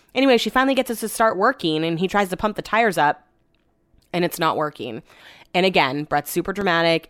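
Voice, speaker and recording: A woman's voice: fairly low pitch, fairly bright tone, smooth, dry recording, studio quality. A young woman podcasting in a casual, rambling chat, retelling her day with exasperation.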